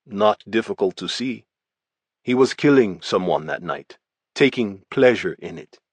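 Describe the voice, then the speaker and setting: A man's voice: a little slow, no room sound. A man doing a cold mobster. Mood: cold, blunt. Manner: broken clipped English, low and flat. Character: menacing male Russian mobster, blunt and cold.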